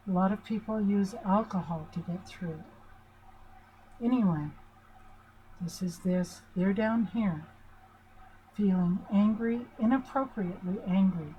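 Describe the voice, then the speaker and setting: An older woman talks slowly and gently in a chatty teaching manner, checking in with her listeners as she goes. Her voice is mellow and soft-edged. Faint background hiss sits under her voice. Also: medium pitch, dull audio. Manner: chatty and reassuring, asks her listeners questions. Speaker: family relationship teacher. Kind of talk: informal talk at a whiteboard.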